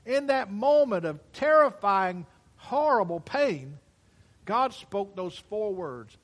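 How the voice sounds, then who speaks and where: A man's voice: high-pitched, sing-song, slow pace. A man preaches a sermon. He takes his time, leaning on each phrase and circling back to repeated refrains. The delivery is that of a pastor speaking to his congregation.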